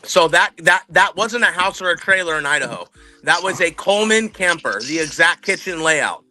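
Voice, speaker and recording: A man's voice: on the high side, lively intonation, moderate pace, bright, forceful tone. A man co-hosting a casual livestream chat, rambling through stories and swearing freely. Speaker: livestream co-host.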